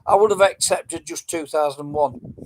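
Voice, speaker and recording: A man's voice: fairly high pitch, moderate pace, a little hiss or hum, poor audio. Chatty man hosting a livestream. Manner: chatty, rambling, answering comments. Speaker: livestream quiz host. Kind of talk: casual livestream chat with viewers.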